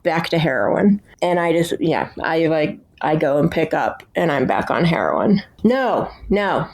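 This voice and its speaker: A woman's voice: low-pitched, lively intonation, a little slow, darkish tone. A young woman, a podcast guest, telling her recovery story candidly with blunt swearing and frequent fillers.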